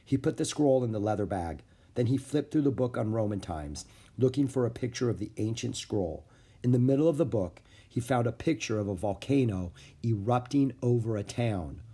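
A man narrating a children's book aloud with clear, expressive storytelling. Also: mid-range voice, moderate pace. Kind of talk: audiobook reading of a children's book.

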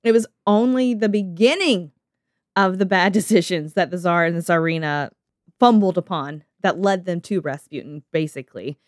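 A woman's voice: on the low side, moderate pace, no echo, clean studio sound. A woman podcast host reading out a history story, breaking in with laughing, profane asides.

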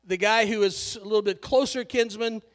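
A man's voice: high-pitched, steady tone, moderate pace, big-room sound, faint music behind. A male pastor preaching a sermon in a conversational, joking way, laughing often.

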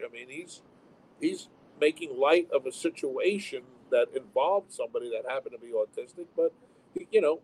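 A man's voice: on the high side, expressive, moderate pace, dark tone, low-quality recording. A man who owns comedy clubs, talking bluntly and with strong opinions in a casual interview. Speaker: comedy club owner. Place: home town with fire sirens.

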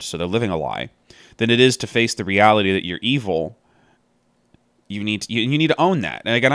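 A man's voice: low-pitched, fairly bright tone, smooth, no room sound. A man giving casual, earnest Bible commentary, thinking aloud as he meanders from point to point. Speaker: Bible study podcaster.

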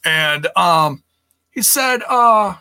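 A man hosting his own podcast, talking in a loose, ranting way and swearing freely. His voice sits a little high and sounds bright and forceful. The sound is dry and close, with no room around it. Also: animated, very slow, clean tone, dry recording. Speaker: podcast host. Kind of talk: casual solo podcast rant.

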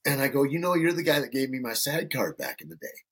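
A husky-voiced, middle-aged man from Northern Michigan spins casual stories as a podcast guest. His pitch sits in the middle range, and he swears freely and acts out the people he quotes. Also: sing-song, fast talker, a bit bright. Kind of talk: casual storytelling.

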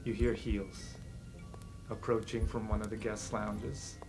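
A man running a tabletop game as game master, describing scenes in a lively way that swings from hushed to excited. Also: on the low side, unhurried, rough recording. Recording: background music under the voice.

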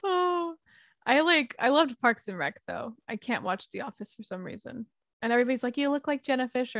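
A woman hosts a relaxed podcast chat in a slightly high voice. She keeps it breezy and laughs often. The sound is dry and close. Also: a little fast, vocal fry, no echo. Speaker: podcast host.

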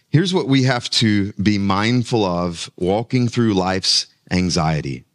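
A man's voice: on the low side, animated, slow, few pauses. A male pastor preaching a sermon, often repeating words as he builds toward a point. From United States.

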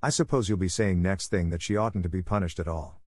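A strict middle-aged woman scolds with severe, dry authority, as a man reads her part with a low voice. The sound is close and free of room echo. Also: fairly quick, darkish tone. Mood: stern.

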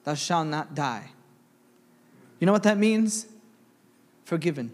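A man's voice: on the high side, measured pace, in a large hall. A young man preaching a sermon in church, reading scripture aloud and asking the congregation questions. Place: church sanctuary.

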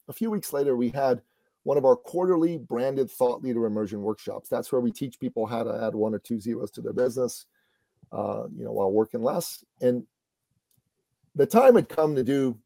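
A middle-aged man, a business coach, telling a motivational story in a lively conversational way. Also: mid-range voice, moderate pace, creaky, no echo.

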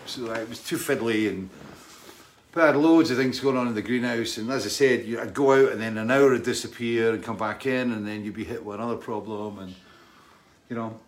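A middle-aged man from Britain hosts a casual live stream. He rambles and restarts his sentences, greeting viewers warmly by name. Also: medium pitch, fairly quick. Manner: rambling, friendly, reads out viewer names. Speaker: livestream host.

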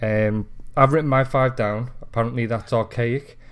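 A man's voice: mid-range voice, fairly even intonation, moderate pace, over a noisy crowd. A man co-hosting a casual podcast, talking hesitantly with many ums and restarts and poking fun at himself. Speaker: podcast co-host. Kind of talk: casual chat.

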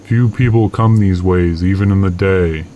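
A secretive masked stranger from a storybook tale, polite and courtly in his old-fashioned phrasing, as a male narrator puts him on. His voice sits very low. Faint insect chirps hum in the background. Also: moderate pace, mellow, muffled recording, natural voice. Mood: courteous, guarded.

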